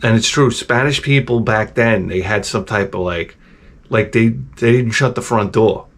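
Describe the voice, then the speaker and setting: A man's voice: lowish voice, unhurried. A middle-aged man hosting his own channel, telling rambling, profane stories in a casual, digressive way. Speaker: channel host.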